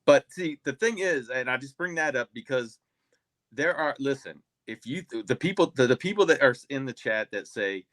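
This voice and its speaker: A man's voice: medium pitch, lively intonation, moderate pace, fairly bright tone, no room sound. Man arguing a point, dry close sound. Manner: hesitant, restarts often, then argues firmly. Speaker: panel guest. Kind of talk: casual panel discussion.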